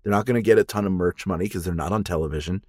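A man's voice: deep voice, rapid-fire, no room sound. A man hosting a podcast in casual chat, musing aloud and asking questions. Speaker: podcast host.

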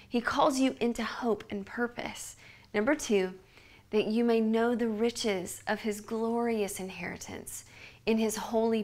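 A Bible teacher in her thirties, her voice a little high, delivers a devotional podcast teaching. She's earnest and conversational, often dropping to a soft hush for emphasis.

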